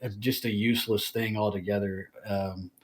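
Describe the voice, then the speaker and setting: Rambling low-voiced American man. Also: little pitch movement, normal speed, a little hiss or hum. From United States. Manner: rambling, hesitant, trailing off. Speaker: streamer guest. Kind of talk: casual podcast chat.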